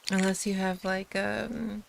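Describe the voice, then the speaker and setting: A woman's voice: medium pitch, flat delivery, slow pace, creaky, background noise. A woman streamer chatting casually and giggling often as she talks. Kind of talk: casual chat.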